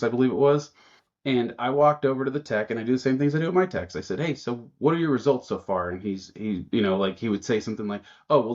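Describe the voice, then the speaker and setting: A man's voice: lowish voice, dull audio. A man guesting on a podcast as an automotive trainer, telling shop stories in a casual way and acting out the lines of people he quotes. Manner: animated storyteller who acts out quotes.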